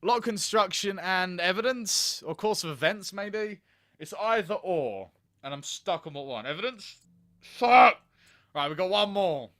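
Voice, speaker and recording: A man's voice: high-pitched, expressive, normal speed, a bit bright, dry recording, clean studio sound. A man playing a video game on camera, swearing, laughing and thinking aloud as he plays. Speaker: gaming video host. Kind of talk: let's play commentary.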